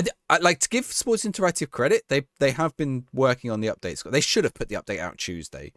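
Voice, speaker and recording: Lively, chatty man streaming a game. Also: mid-range voice, no echo, clean studio sound. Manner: reads viewer questions aloud and answers offhand, often restarting sentences. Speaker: game streamer answering live chat. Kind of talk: casual chat.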